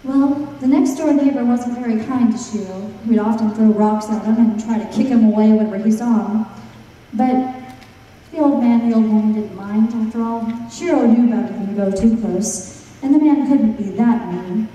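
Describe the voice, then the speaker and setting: A young woman telling a folk tale live to an audience in a playful, animated way. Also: a little high, moderate pace, highs cut off. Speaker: storyteller. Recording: echoey hall, mic far off.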